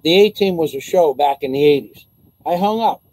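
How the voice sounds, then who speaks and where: A man tells a long personal story to the camera, loose and profane, stumbling over restarts as he plays out every line of dialogue. His voice sits a bit high for a man, yet the tone is warm and mellow. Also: expressive, normal speed, rough recording. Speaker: vlogger. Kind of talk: casual storytelling.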